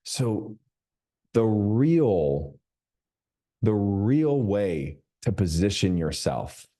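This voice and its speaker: A man coaching a group over a video call, emphatic and slowing down to stress his points. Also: on the low side, warm tone. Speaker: business coach.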